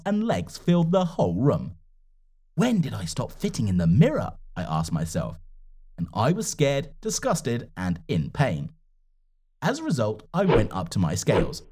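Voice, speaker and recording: A man telling a first-person animated story in an expressive, dramatic scripted narration. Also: mid-range voice.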